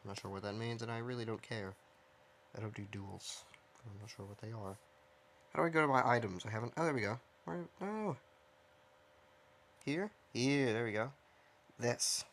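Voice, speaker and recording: A man giving casual, rambling commentary while he plays a game, mocking himself and thinking out loud from his own dim room. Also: medium pitch, moderate pace, pauses often. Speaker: gaming streamer.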